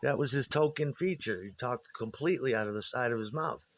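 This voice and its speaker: A fairly quick, mid-range male voice delivers a loose monologue about old bandmates. He curses freely, drifts from point to point, and frequently restarts.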